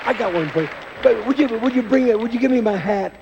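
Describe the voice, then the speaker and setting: A man's voice: very high voice, expressive, fast talker, vocal fry, darkish tone, some chatter behind, slight background noise. An older male comedian telling stand-up jokes in a rambling way, chuckling at his own lines and tagging them with "see?", on a large theater stage before a live audience. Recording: dull lo-fi VHS concert recording with long hall reverb.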